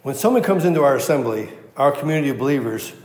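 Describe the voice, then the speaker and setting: A man's voice: medium pitch, expressive, fast, darkish tone, reverberant. A man preaching a sermon as pastor, emphatic and repeating his key phrases for weight. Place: church.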